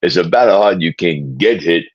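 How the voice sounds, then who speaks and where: A man imitating a tough movie boxer, gruff and streetwise. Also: low voice, normal speed, highs cut off. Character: tough boxer hero quoting his creed.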